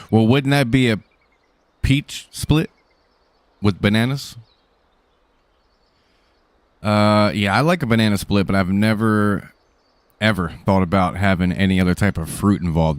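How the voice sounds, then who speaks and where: A man's voice: fairly low pitch, no room sound. A man casually greeting viewers by name and answering chat during a live stream, joking in a laid-back way.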